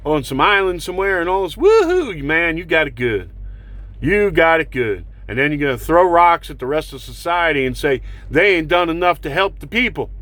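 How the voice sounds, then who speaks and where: A political vlogger with a high-leaning, slightly bright voice, recorded with no room sound, delivers an angry, profane rant. He punctuates it with sarcastic, mocking whoops and heated rhetorical questions.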